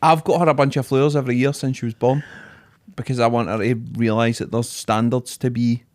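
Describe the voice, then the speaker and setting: A man's voice: mid-range voice, level tone, brisk, darkish tone, dry recording. A man with a Scottish accent, a podcast co-host, in laid-back, sweary casual chat.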